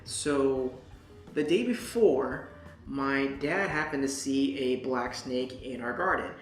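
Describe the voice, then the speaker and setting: A young adult woman vlogger telling a story in an animated, casual way, swearing and talking straight to the viewer. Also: very deep voice, slow, faint music behind. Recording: echoey room.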